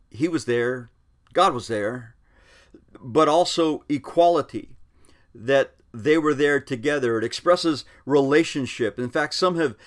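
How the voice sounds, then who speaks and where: A man preaching a sermon, measured and emphatic, often repeating and restarting words. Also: mid-range voice.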